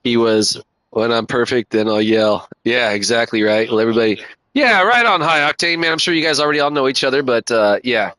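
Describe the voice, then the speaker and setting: A man's voice: mid-range voice, big pitch swings, fast, sharp tone, no echo, rough recording. A man streaming a racing game, talking in a laid-back, slangy and profane way and calling everyone dude and man. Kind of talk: casual live-stream chat.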